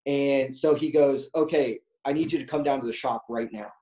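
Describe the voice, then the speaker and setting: Male interview guest, mellow tone, loose storyteller who voices the other people in his story. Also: mid-range voice, moderate pace, low-quality recording. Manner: rambling, many fillers, acts out quoted dialogue. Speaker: guest telling a racing story. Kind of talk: casual storytelling.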